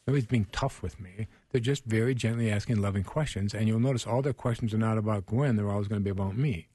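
A man who works as a counselor, a radio guest giving gentle, earnest advice and explaining patiently. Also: lowish voice, fast talker, husky, no room sound. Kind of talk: advice on a radio talk show.

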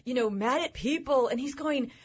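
A woman guest on a faith talk show, telling personal stories in an animated way. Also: high voice, normal speed, breathy edge, lo-fi sound.

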